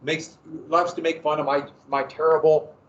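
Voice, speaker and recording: Male American history teacher, animated lecture, slightly high voice, echoey classroom, distant muffled mic. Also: normal speed, a little hiss or hum. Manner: animated, asks questions and answers them.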